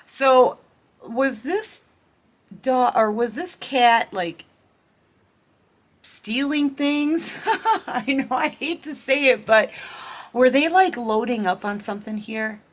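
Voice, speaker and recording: A woman's voice: fairly high pitch, slow pace, long pauses. A woman giving a casual tarot reading, chatting and giggling as she talks straight to her viewers. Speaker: tarot reader.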